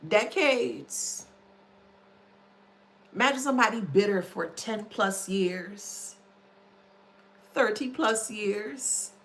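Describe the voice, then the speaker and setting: A woman's voice: medium pitch, fairly bright tone. A woman commentator in a casual monologue, blunt and scornful, who spells out words letter by letter. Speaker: online commentator.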